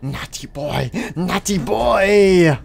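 A man voicing a creepy, menacing male robot in a game roleplay, speaking low and breathy. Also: expressive, drawn-out words, a crowd in the background, heavily acted.

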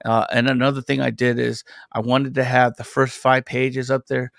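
A man who is an adult parent and an independent comic creator guests on a podcast, telling long, rambling stories in loose, casual conversation. His medium-pitched voice is creaky and fairly bright, with a completely flat delivery at a moderate pace. The audio is studio quality with no room sound.

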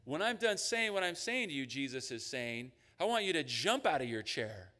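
A man preaching a sermon as a pastor. He talks in an animated way and acts out the voices of God and his listeners. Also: on the high side, normal speed, long reverb tail. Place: church sanctuary.

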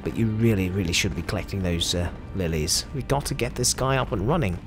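A man's voice: sits low, animated, fairly quick, music in the background. A man with an Australian accent giving chatty, jokey commentary over his own gameplay. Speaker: gameplay video host.

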